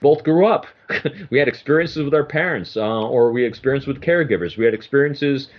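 A man's voice: mid-range voice, brisk. An earnest middle-aged man with a mid-range voice explains his ideas, restarting his sentences as he goes. The sound is dull and slightly lo-fi. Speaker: guest, former FBI agent. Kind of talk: conversational interview.

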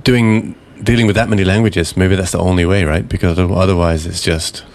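British guy with a low voice, rambling thoughtfully in a podcast chat. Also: fairly even intonation, a little fast. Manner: thoughtful, rambling with many fillers.

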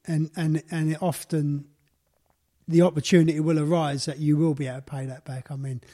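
A man hosting a podcast and chatting in a soft, reflective way. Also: on the high side, little pitch movement, a little fast. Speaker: podcast host. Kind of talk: casual chat.

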